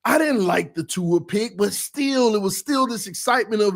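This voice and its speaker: A man with a high-pitched voice hosts a sports fan livestream in casual commentary. He talks in an emotional, confessional way and keeps circling back to repeat his point. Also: expressive, moderate pace, creaky. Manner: casual, repeats himself for emphasis. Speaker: sports fan show host.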